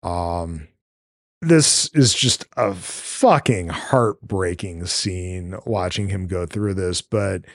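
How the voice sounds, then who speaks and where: Gravelly-voiced man recapping a film. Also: low-pitched, takes it slowly, dry recording. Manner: rambling, with many fillers and swearing. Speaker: podcast host.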